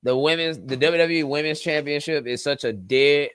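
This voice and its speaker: Smooth-voiced man, emphatic chat. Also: a little high, a bit bright, no echo. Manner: emphatic, quick to agree. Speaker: podcast co-host. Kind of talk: casual chat.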